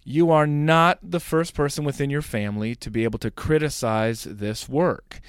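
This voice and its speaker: A man's voice: medium pitch, moderate pace, clear, resonant tone, no echo, clean studio sound. Male podcast host reading a formal intro. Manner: reads quotes formally. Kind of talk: scripted podcast intro and interview.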